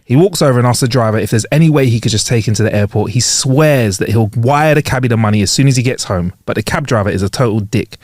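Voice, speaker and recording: A man's voice: mid-range voice, fast talker, hardly any pauses, darkish tone, dry recording, clean studio sound. A man co-hosting a podcast, telling jokes casually, laughing often and correcting himself. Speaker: podcast co-host.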